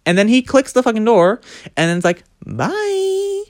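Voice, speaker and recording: A man's voice: sits high, fast. A man telling a story about his escape room trip in a casual vlog, dramatic and full of swearing. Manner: animated, profane, dramatic storytelling. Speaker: vlogger.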